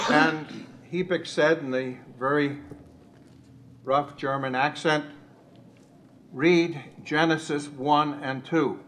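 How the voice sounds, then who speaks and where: A man in a Bible study, slowly recounting a missionary story with many pauses and fillers. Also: a little high, fairly bright tone, slight background noise. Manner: slow, measured storytelling with frequent uh fillers.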